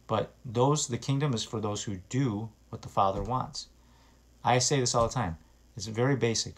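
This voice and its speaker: A man's voice: medium pitch, normal speed. A man preaching an informal sermon, earnest and exhorting, rising to emphatic bursts as he reads scripture and urges repentance.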